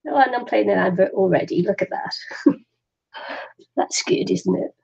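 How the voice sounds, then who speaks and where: Chatty woman, middle-aged, craft stream host, gravelly, muffled lo-fi sound. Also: medium pitch, unhurried, darkish tone. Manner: chatty, laughs often, talks to herself. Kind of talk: chatty live stream while waiting for viewers. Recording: dull lo-fi live stream audio.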